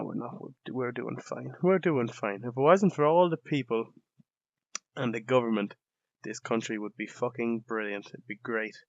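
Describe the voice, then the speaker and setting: A man's voice: on the low side, no echo. A young Irish man hosting a podcast, speaking in a casual, sardonic and rambling comedic monologue full of swearing. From Ireland. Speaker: podcast host. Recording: dull lo-fi dry recording.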